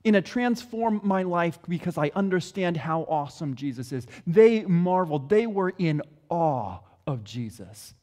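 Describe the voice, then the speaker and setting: A man preaching a sermon, telling the story with expressive delivery. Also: on the high side, unhurried, few pauses.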